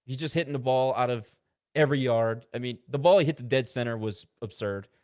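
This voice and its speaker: A man co-hosting a casual sports podcast, rattling off box-score stats with quick asides. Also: mid-range voice, darkish tone. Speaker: podcast co-host.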